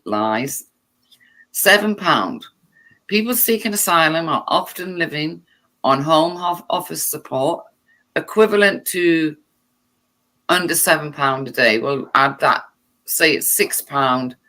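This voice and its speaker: A woman reads text aloud at a slow, unhurried pace, her voice gravelly with fry. She keeps breaking off for sarcastic, irritated asides. Her tone stays bright and tense throughout. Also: sits low. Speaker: vlogger.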